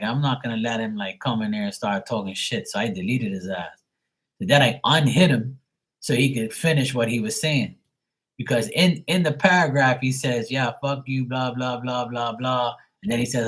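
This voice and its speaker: A man's voice: medium pitch, brisk, a bit bright, slightly rough. A man hosting a livestream, recounting chat trolls in a profane, mocking, rambling way with frequent laughter. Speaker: livestream host.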